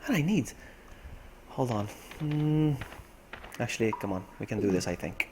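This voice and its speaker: A man's voice: medium pitch, expressive, normal speed, noisy background. A man streaming a video game live, muttering to himself and reacting to what happens on screen, with game music playing behind him. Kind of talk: casual live gameplay commentary.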